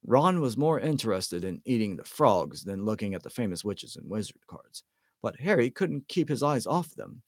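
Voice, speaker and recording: A man reading a storybook aloud in a lively way, with stumbles and self-corrections. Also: fairly low pitch, normal speed, husky, no echo, studio quality. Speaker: amateur audiobook reader. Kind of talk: storybook narration.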